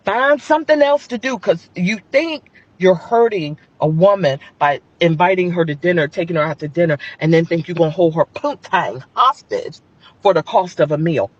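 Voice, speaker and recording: A woman's voice: on the low side, moderate pace, breathy edge, no room sound, muffled recording. A woman telling a dating story to camera in a blunt, sassy way, swearing freely.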